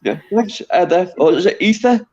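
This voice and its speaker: High-voiced man on a muffled call. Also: animated, moderate pace, a little mellow. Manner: reflective, agreeable, many fillers. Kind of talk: casual chat.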